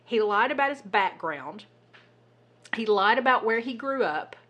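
A woman co-hosting a casual podcast, telling a story in an animated, exasperated way and swearing now and then. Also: on the high side, unhurried, dull audio. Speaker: podcast co-host. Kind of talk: casual chat.

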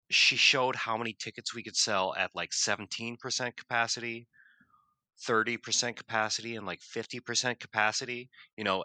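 A man who teaches vocal music talks through a story in a loose, rambling way, full of fillers and quick laughs. His voice sits a little low but sounds very bright and forward. The recording is dry and close, with no room sound. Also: dry recording. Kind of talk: casual podcast chat.

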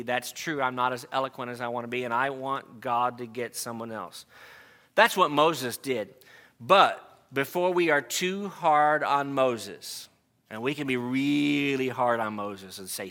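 A man's voice: mid-range voice, unhurried, pushed and bright. A man preaching an earnest sermon to a congregation, reading scripture aloud and stressing key words. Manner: earnest, reads scripture aloud, emphatic asides.

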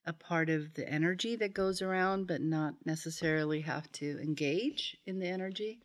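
Low reflective woman. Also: moderate pace. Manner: reflective, thoughtful. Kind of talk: casual chat.

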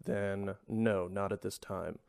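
Brief: low, gravelly man hosting a podcast, dry sarcastic delivery. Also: slow, no echo. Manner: deadpan, sarcastic. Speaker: podcast host. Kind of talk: casual podcast chat.

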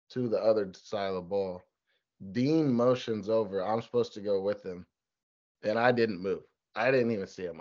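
A young man in his twenties, a college football player, telling stories in a relaxed, chatty interview. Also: lowish voice, normal speed. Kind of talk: casual interview. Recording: dull lo-fi sound.

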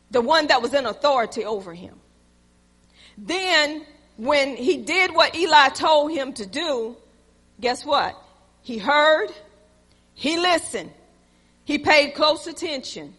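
Female preacher, high bright voice, down-home sermon delivery, church hall reverb. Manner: call-and-response preaching, addressing the congregation directly. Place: church sanctuary.

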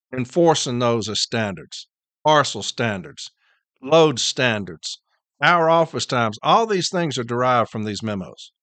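A man's voice: medium pitch, a bit bright, no room sound. A middle-aged man, hosting a podcast and launching into an angry, profane, repetitive rant. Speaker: podcast host.

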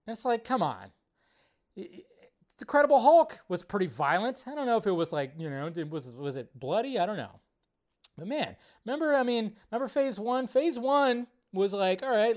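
Man, high-pitched, animated live movie-show host, casual ranter who swears and swings from loud to hushed. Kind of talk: casual live-stream rant.

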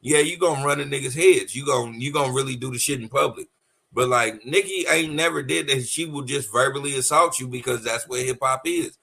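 A man co-hosting a podcast, chatting casually with profanity and animated storytelling full of stumbles and restarts. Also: mid-range voice, a little fast, gravelly, slightly rough. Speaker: podcast co-host. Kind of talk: casual chat.

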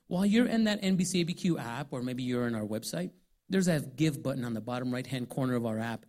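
A pastor giving lively, upbeat church announcements and hyping the congregation. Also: male voice, fairly high pitch, fast talker.

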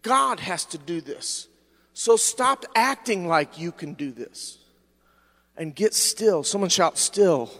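A middle-aged man preaching a fervent sermon as pastor, slowing down and stretching words for emphasis. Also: high voice, expressive, fairly bright tone. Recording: long church reverb.

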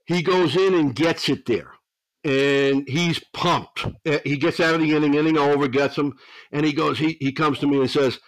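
Storytelling older baseball coach, dry sound. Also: male voice, fairly high pitch, fairly even intonation, normal speed, no echo, rough recording. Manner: rambling storyteller, frequent restarts and 'you know'. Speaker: guest, veteran pitching coach. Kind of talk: storytelling podcast interview.

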